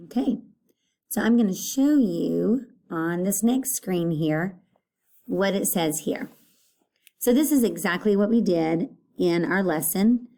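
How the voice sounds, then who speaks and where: Woman teacher, slow patient delivery, soft mellow voice, lowish pitch, repeats words for students. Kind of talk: recorded phonics lesson.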